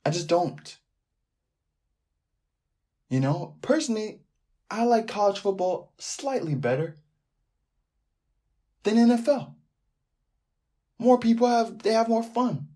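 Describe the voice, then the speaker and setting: A man hosting a sports podcast alone, talking in a loose, animated way that keeps drifting off into tangents. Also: sits high, a little slow, long pauses. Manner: rambling, animated, riffs off on tangents. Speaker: podcast host. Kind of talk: casual sports podcast monologue.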